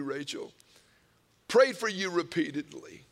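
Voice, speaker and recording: A man preaching a sermon, telling personal stories with emotional swings from hushed whispers to loud cries. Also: a little high, normal speed. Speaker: pastor. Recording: long hall reverb.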